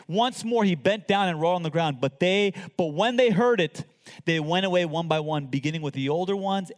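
A man preaching a sermon as pastor, swinging from loud emphatic lines to hushed near-whispers. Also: high voice, in a large hall.

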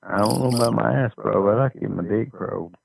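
A man chatting slowly and flirtatiously on a call, laughing at his own jokes. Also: lowish voice, vocal fry, slight background noise, rough recording. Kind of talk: crude phone banter.

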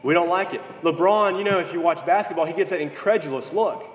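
A man's voice: a little high, quick pace. Man preaching in an echoey hall. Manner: storytelling with lively acted quotes. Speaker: pastor. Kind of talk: sermon.

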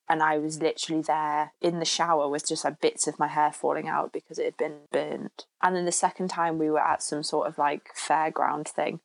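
A woman's voice: low voice, flat delivery, brisk, gravelly, hardly any pauses, dry recording. A young woman telling a story in casual chat, rambling and chatty, with many "like" fillers.

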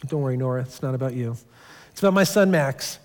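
A male pastor in his thirties gives a sermon in a church sanctuary, casually telling stories and often restarting his phrases. His mid-range voice is fast and a little mellow, with the long reverb of a church hall.

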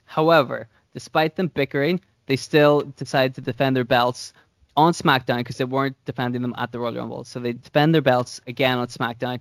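A man's voice: mid-range voice, steady tone, fairly quick, no echo. Casual man recapping a storyline. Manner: rambling storyteller, swears casually. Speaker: podcast co-host.

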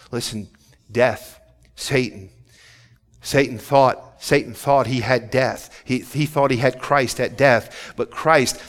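Impassioned preacher. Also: male voice, medium pitch, fairly even intonation, moderate pace. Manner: swings between hushed, intimate passages and rising, fervent preaching; repeats and restarts words as he builds intensity. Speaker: pastor. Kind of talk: sermon.

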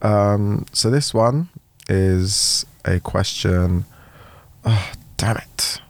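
A man's voice: lowish voice, very slow, dry recording. A man co-hosting a podcast from England, reading listener letters aloud and laughing often. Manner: giggly, lively, reads letters aloud. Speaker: podcast co-host.

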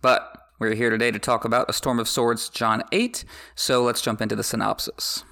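A man's voice: medium pitch, little pitch movement, moderate pace, vocal fry, pushed and bright. A man hosting a book podcast who recaps a chapter, reads excerpts aloud, and adds wry, joking asides. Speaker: podcast host.

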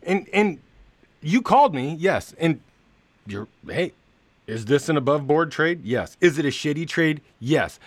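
A man's voice: a little high, very animated, unhurried, dry recording. A man co-hosting a podcast, teasing and sarcastic in casual banter, with plenty of swearing. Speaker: podcast co-host.

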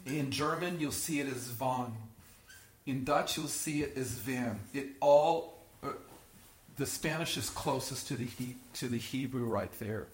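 An earnest man leads a small-group Bible lesson in a voice of middling pitch. He stresses his key words, breaks off and restarts phrases, and keeps checking with his listeners. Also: measured pace, echoey room. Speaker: Bible teacher.

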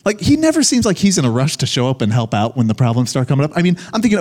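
A young man preaching to his congregation in a casual, animated way, like he's talking with friends in the room. His voice sits at an ordinary middle pitch and keeps moving between calm storytelling and excited, emphatic points. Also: rapid-fire, hardly any pauses. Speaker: pastor. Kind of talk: sermon.

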